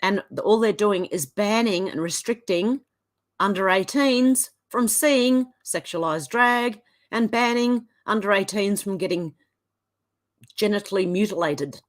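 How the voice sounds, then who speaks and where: This commentary vlogger, a woman with an Australian accent, reads posts aloud in a casual commentary. Her tone is indignant and sarcastic, with rapid pitch swings.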